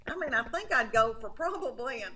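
A woman's voice: fairly high pitch, a little fast. A woman in her fifties from Middle Tennessee with a thick rural drawl, chatting in a folksy, storytelling way as a comedian guest. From Middle Tennessee, USA. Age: 50s. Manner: storytelling, folksy, animated, calls people honey. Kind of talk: casual chat.

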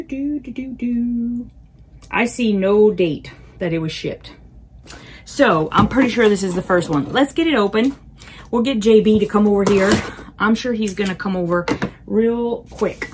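Slow, bubbly woman. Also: medium pitch, background noise. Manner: bubbly and excitable, talks to her cats, hums to herself. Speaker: unboxing vlogger. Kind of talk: casual unboxing chat. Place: home, indoors.

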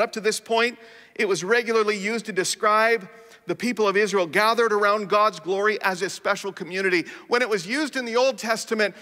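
A man's voice: high-pitched, bright, forceful tone, in a large hall. A man preaching a sermon as pastor, impassioned, building force through repeated declarations.

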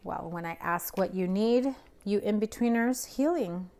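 A woman's voice: mid-range voice, a little slow, darkish tone. A young woman giving a casual, blunt tarot reading to camera, emphatic and chatty with plenty of fillers. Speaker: tarot reader.

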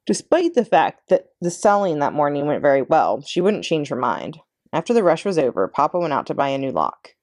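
A librarian woman reading a children's chapter book aloud with expressive narration. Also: sits low, brisk, no echo, studio quality. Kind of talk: read-aloud storybook narration.

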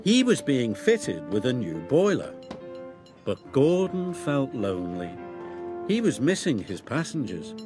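A man reads a children's train story aloud at an unhurried pace. His pitch rises and falls dramatically as he narrates, and loud music plays behind him. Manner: expressive, deliberate. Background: loud background music.

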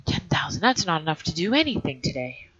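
A woman's voice: low-pitched, very animated, quick pace, a bit bright, slightly rough. A woman hosting a let's play, thinking aloud in a hesitant way and often trailing off mid-sentence. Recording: dull lo-fi recording.

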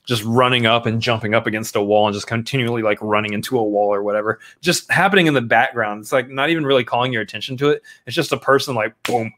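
A man co-hosting a casual movie podcast, relaxed and enthusiastic, telling stories at length with many fillers. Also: medium pitch, fast talker, hardly any pauses. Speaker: podcast co-host. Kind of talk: casual chat.

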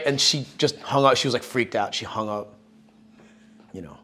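A musician telling stories in a casual interview, rambling and profane, with lots of fillers. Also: male voice, mid-range voice, moderate pace, a bit bright. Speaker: musician guest.

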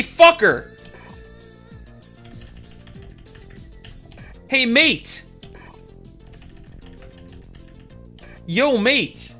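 A man putting on an exaggerated British accent, playing a rough bloke hailing strangers over a game radio. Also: heavily acted. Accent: put-on British. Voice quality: shouty, high, overdone.

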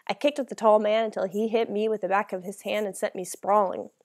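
A woman's voice: medium pitch, steady tone, brisk. A woman narrating a first-person novel as an audiobook, reading in a dramatic, emotional way.

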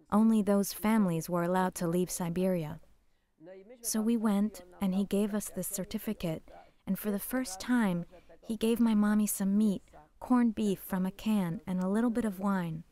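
An older woman whose first language is Polish, giving a halting, emotional personal testimony as a survivor. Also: medium pitch, warm tone. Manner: emotional, halting storytelling, repeating words.

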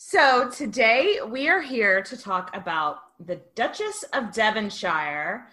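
A woman's voice: fairly high pitch, sing-song, slow, pushed and bright. Giggly woman co-hosting a podcast. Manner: chatty and giggly. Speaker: podcast co-host. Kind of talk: casual chat.

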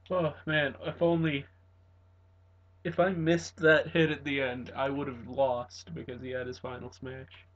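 A man giving casual commentary while playing a fighting game, muttering to himself and breaking into excited shouts. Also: mid-range voice, takes it slowly, pauses often, muffled recording.

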